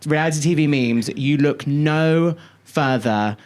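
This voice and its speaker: Brief: male podcast co-host, animated and sweary, chatting casually in a studio. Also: on the high side, unhurried. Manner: animated, swears freely, storytelling. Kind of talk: casual chat.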